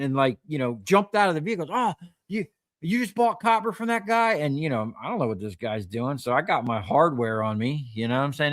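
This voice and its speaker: A man's voice: medium pitch, fairly bright tone, dry recording, clean studio sound. A man, a scrap metal recycler, telling rambling anecdotes on a livestream, full of fillers and quoted dialogue. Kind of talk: casual storytelling on a livestream.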